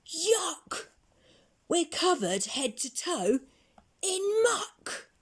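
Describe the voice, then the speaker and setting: A woman's voice: mid-range voice, very animated, extremely slow, slightly rough, pitched above the performer's own voice, full character voice. A woman reading aloud and voicing Hugh, a squeamish male crook in a storybook who squeals in disgust.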